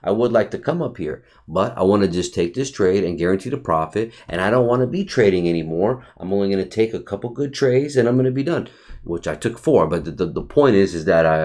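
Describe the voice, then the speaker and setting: A man casually walking viewers through his trading chart, swearing often, calling them buddy, and restarting his sentences. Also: low voice. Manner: profane, excitable, talks to viewer as buddy; repeats himself and restarts often. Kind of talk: casual screen-share chart review.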